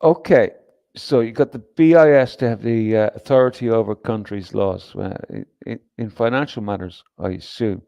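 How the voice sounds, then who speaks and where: A man's voice: fairly low pitch, normal speed, vocal fry, clear, resonant tone, dry recording, lo-fi sound. A man hosting a livestream, talking in a rambling, profane, emphatic way with frequent restarts and reading comments from chat. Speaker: livestream host.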